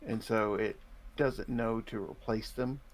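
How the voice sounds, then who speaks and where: A man's voice: lowish voice, steady tone, measured pace. A man from the United States co-hosting a live game stream in casual chat, explaining game mechanics at length in a thoughtful way. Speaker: stream co-host.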